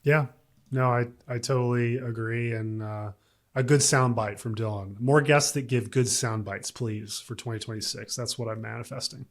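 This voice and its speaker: Male co-host, middle pitch, relaxed casual delivery with hesitations. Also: moderate pace. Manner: relaxed, easygoing, many "uh" fillers. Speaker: podcast co-host. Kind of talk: casual podcast chat.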